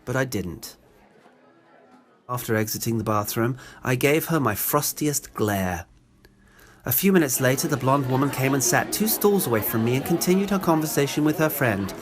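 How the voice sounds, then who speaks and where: A man's voice: mid-range voice, animated, moderate pace. A man with an English accent narrating a comic personal story in a wry, sarcastic way. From England.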